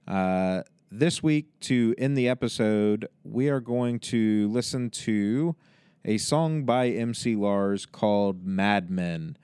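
Low, smooth-voiced podcast host. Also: male voice, darkish tone, dry recording. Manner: loose and rambling, many fillers. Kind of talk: casual outro address to listeners.

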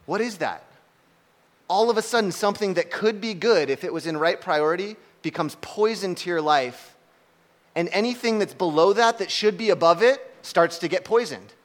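Man, young, preacher, casual sermon, animated storytelling, fairly high voice. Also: normal speed. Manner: animated, conversational, acts out shouts and laughs.

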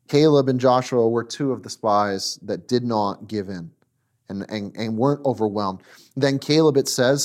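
A man preaching a sermon, emphatic and repetitive, swinging between loud and hushed emphasis. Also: mid-range voice. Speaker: pastor.

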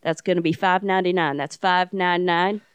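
A woman's voice: fairly low pitch, fairly even intonation, normal speed, clean tone, dry recording, close to an everyday voice. A woman voicing a blunt country-voiced male funeral home clerk on the phone, in a drawling twang. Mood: matter-of-fact.

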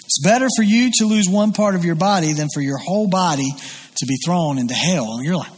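Preaching a little fast and with expression, the pastor uses a high voice with a touch of huskiness. He repeats his phrases earnestly and emphatically while the large church hall adds a long reverb.

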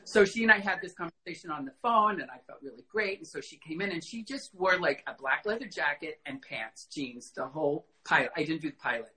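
A middle-aged man, a guest in a casual interview, telling animated stories and acting out quoted dialogue, with frequent fillers. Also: on the high side, a little fast, few pauses, poor audio. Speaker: costume designer guest.

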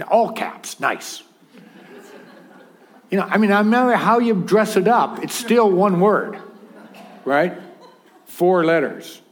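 A man preaching a sermon in a conversational, humorous way, with acted asides. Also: on the high side.

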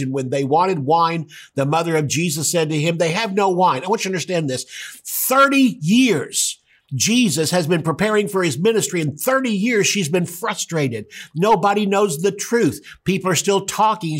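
Male preacher, slightly high-pitched, emphatic sermon delivery that climbs on key points. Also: expressive. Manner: emphatic, rises and quickens when stressing a point.

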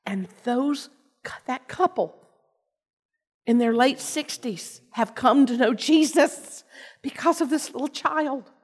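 An older woman giving a personal storytelling sermon, earnest, with pauses and restarts. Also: high-pitched, breathy edge. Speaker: lay preacher and teacher. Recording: long reverb of a large hall.

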